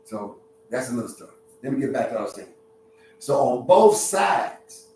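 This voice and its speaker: A man who is a relationship counselor, talking to his livestream chat in an animated, preachy way with street slang. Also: on the high side. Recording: very echoey room, distant mic, faint hum.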